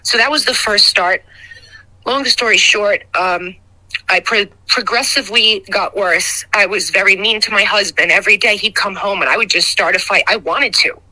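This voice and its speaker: Very bright-voiced middle-aged woman, halting. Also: medium pitch, poor audio. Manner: raw, emotional, halting recollection. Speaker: guest. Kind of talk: personal testimony.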